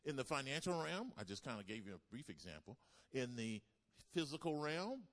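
A man's voice: mid-range voice, sing-song, moderate pace. A man preaching a sermon, repeating key lines for emphasis and calling on the congregation to answer back. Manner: call-and-response preaching with emphatic repetition. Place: church service.

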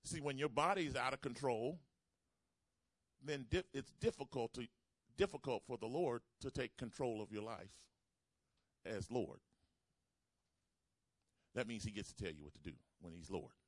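A man's voice: mid-range voice, animated, normal speed, long pauses, no echo. A man preaching a sermon. He calls for responses from the congregation and repeats phrases for emphasis. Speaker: pastor.

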